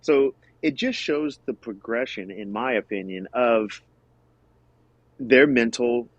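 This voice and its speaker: A man's voice: mid-range voice, slow pace, dry recording. An earnest man guests on a podcast, working through his points with repeated words and restarts. His voice comes through slightly muffled. The sound is close and dry, with no room. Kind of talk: casual film discussion.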